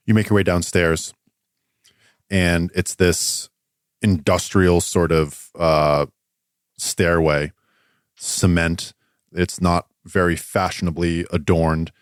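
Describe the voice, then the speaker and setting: A man narrating a tabletop game as game master, pausing often with fillers. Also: deep voice, fairly even intonation, clear, resonant tone, no room sound, studio quality. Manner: hesitant descriptive narration with many fillers.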